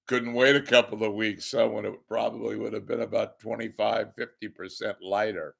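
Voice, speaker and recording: A hoarse man delivering a sarcastic ranting monologue as a commentator. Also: on the low side, moderate pace, fairly bright tone.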